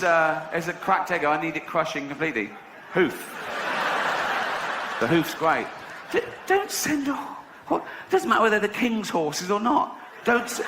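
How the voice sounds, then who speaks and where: A man riffing comically on set, breaking into laughter mid-sentence. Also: sits high. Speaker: comedian. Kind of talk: improvised comic riffing between takes. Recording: echoey set with background noise.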